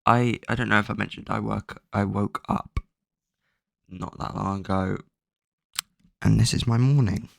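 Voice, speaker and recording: Man, low gravelly voice, casual rambling recap, frequent swearing, lots of fillers. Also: fairly even intonation, a little slow, pauses often, dry recording, clean studio sound. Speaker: book plot summarizer. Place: at home, bedroom with a cat.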